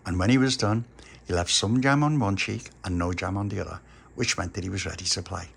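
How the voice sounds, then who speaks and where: A man's voice: low voice, a little fast, creaky, a bit bright, slight background noise. A man narrating a homely children's story in a chatty way.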